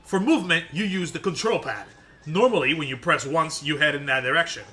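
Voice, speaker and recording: A man's voice: a little high, fairly quick, sharp tone. A man reading as a stern alien warrior mentor. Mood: bossy.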